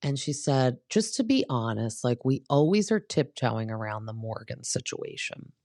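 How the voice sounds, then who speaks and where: This young reality TV recap podcaster has a rumbling low, dark voice and is very animated at a moderate pace. Chatty and opinionated, she reenacts what people said, recorded in clean studio sound with no room tone.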